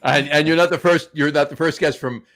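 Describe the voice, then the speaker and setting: A man's voice: fairly high pitch, steady tone, a little fast, a bit bright. A man co-hosting a casual talk show, joking around and teasing the others. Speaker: co-host. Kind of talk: casual chat.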